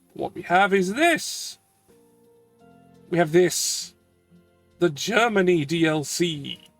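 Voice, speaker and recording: A man with a high voice chats his way through a game stream. His commentary wanders and is full of self-mocking asides, with soft game music underneath. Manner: rambling, chatty and self-deprecating. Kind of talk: casual gameplay commentary.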